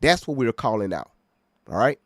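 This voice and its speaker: Talking straight to his audience, this reaction-video host keeps things emphatic and casual, frequently making sure viewers are with him. He has a mid-range voice with big swings in pitch, a moderate pace, and a slightly bright tone. It's a dry, studio-quality recording.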